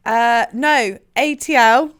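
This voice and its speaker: Podcast co-host: woman, higher voice, blunt and giggly, swears freely. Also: slow, a bit bright. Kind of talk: casual chat.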